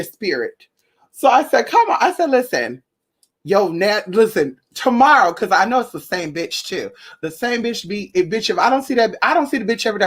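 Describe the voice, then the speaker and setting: A woman's voice: medium pitch, breathy edge. Sassy, profane woman telling a story. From Northern California. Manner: profane, sassy, talks straight to viewers. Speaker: spiritual vlogger. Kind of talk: casual storytelling vlog.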